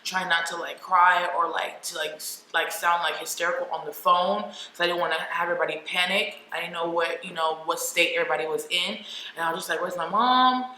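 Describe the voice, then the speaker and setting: A woman's voice: fairly low pitch, flat delivery, brisk, sharp tone. A young adult woman vlogger telling a personal story candidly and emotionally, with lots of "like" fillers. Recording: echoey room with faint noise.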